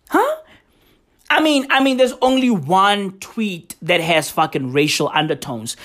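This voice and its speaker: Slow-talking man, profane and lively. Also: high voice. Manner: profane, emphatic, keeps asking rhetorical questions. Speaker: vlogger reacting to tweets. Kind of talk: casual commentary vlog.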